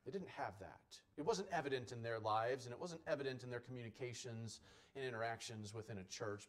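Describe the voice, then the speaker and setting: A male pastor preaching a sermon in an earnest, emphatic way, his loudness rising and falling widely. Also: medium pitch.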